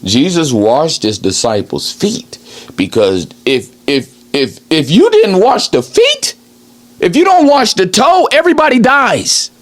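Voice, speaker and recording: Man preaching with wildly swooping pitch. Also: sing-song, a little slow. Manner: swooping emphatic delivery, repeats "okay?". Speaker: self-styled preacher. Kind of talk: rambling improvised sermon.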